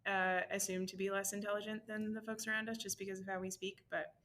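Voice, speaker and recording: Bright-toned Nova Scotian woman, thoughtful. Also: medium pitch, little pitch movement, fast talker, slight background noise. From South Shore of Nova Scotia, Canada. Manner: thoughtful, candid, with frequent "um". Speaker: physics teacher, interviewee. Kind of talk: reflective interview answer.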